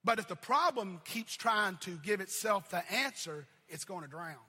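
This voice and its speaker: A man preaching a sermon as pastor, building repeated phrases up to shouts and then dropping to a low, quiet delivery. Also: expressive, moderate pace, husky. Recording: long reverb of a large hall.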